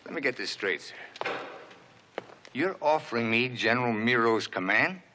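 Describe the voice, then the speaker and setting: An actor playing a principled army colonel who speaks in a clipped, cold, contemptuous way. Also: male voice, mid-range voice, expressive, normal speed, bright, forceful tone. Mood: wary. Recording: old film soundtrack with faint hiss.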